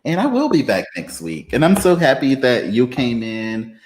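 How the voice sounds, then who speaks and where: Male livestream host, easygoing chatter over comments, a little tipsy, laughs freely, average-pitched voice. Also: huge pitch swings, darkish tone, slight background noise. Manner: laid-back, laughs often, drawn-out fillers. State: a little tipsy after beers. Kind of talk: casual live chat reading comments.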